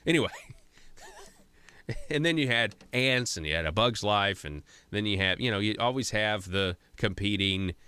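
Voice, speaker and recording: A male radio talk show host, ranting about politics in a sarcastic, animated way with frequent restarts and tangents. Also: lowish voice, moderate pace, clean tone, no room sound. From Arkansas. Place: radio studio.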